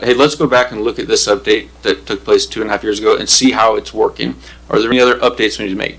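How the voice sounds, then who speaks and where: A man on the city council giving remarks at a public meeting, halting and full of fillers. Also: lowish voice, creaky, fairly bright tone, rough recording. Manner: halting, many fillers and restarts. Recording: government meeting broadcast.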